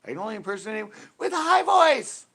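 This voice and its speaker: A man chats loosely on a live stream, laughing often between rambling stories. His voice is gravelly, with pitch that swings up and down a lot. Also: sing-song, quick pace, bright, forceful tone. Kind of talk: casual live stream chat.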